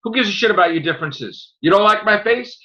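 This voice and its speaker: A podcast host who is recovering from an illness rants casually in a bright, forceful, high-sitting voice, talking fast and animatedly. He is profane, combative, and repetitive, and the podcast audio is muffled and lo-fi.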